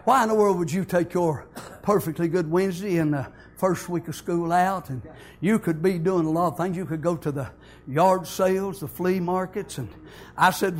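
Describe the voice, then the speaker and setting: Husky shouting preacher man. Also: high voice, normal speed. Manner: folksy Southern preacher, building to shouts. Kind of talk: fiery sermon.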